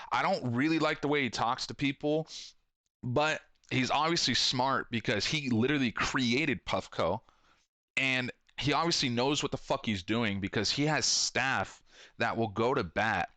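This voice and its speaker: A man's voice: mid-range voice, sharp tone, no echo. Rambling, foul-mouthed man. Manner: rambling, swears a lot, acts out quotes. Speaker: podcast host and shop owner. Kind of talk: casual profane monologue.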